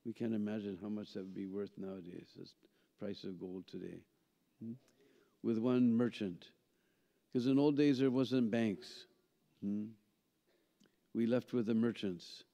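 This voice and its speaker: A man tells a lively story at a seminar. He pauses often with a questioning "hmm?" to keep his listeners with him. His voice sounds dark and mellow, and it carries a long hall reverb on a dull, muffled recording. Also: lowish voice, vocal fry. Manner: animated storyteller, frequent "hmm?" and "huh?" checks to listeners. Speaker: seminar speaker. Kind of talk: storytelling lecture. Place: temple hall.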